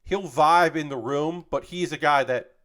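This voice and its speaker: A man's voice: on the high side, a little slow, fairly bright tone. A man chatting casually on a live stream while building LEGO, rambling and swearing freely as he reads out chat messages.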